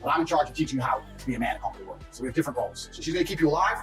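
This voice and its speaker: Telling family stories in archived interview footage, this man is blunt and brash and swears without holding back. His medium-pitched voice is a bit bright with lively intonation, the pace is rapid-fire, and soft music runs underneath.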